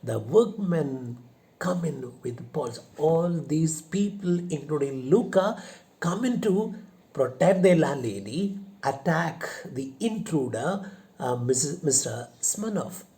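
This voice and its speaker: A male teacher reading a play aloud to a class, explaining it and acting out the lines. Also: animated. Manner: slow, acts out lines with rising pitch and loudness.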